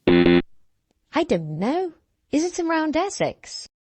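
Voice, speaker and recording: A woman's voice: high-pitched, wildly swooping pitch, slow pace, darkish tone, no echo. A woman playing a quiz contestant in playful, teasing banter. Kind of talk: casual banter.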